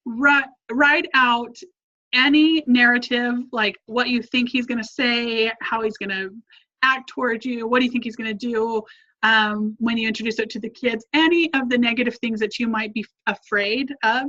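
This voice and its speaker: A woman's voice: a little high, steady tone, moderate pace, bright, forceful tone, muffled recording. A woman family coach giving an earnest, encouraging lesson, repeating her points for emphasis.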